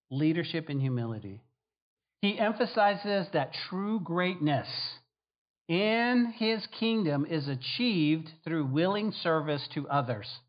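A man's voice: fairly high pitch, highs cut off. A man who is a pastor, preaching a sermon with repetition, rhetorical questions and acted-out quotes.

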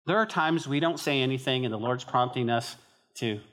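A pastor from northern New Mexico preaching a sermon to his church in an animated, emphatic, conversational way. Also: medium pitch, moderate pace.

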